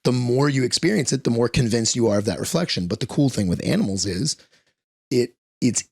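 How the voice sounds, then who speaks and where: A man who trains dogs, a guest on a casual interview, telling profane, animated stories and acting out the voices of the people and animals in them. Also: mid-range voice, brisk, gravelly, slightly rough, no room sound, clean studio sound.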